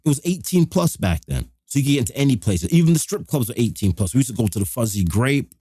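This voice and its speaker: A middle-aged man, hosting a live show and telling a rough, profane story in casual street slang. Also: mid-range voice, sing-song, quick pace, warm tone, no room sound, clean studio sound.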